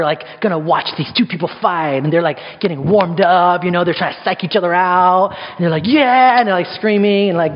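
A man preaching a sermon in a casual, conversational way, full of rhetorical questions. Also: high-pitched. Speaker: pastor. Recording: echoey hall, dull sound.

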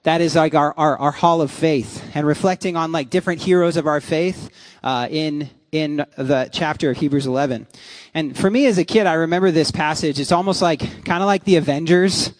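Chatty young pastor, bright voice. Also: male voice, a little high, steady tone, a little fast, no room sound. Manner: chatty, joking, many restarts and fillers. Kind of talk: sermon. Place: church.

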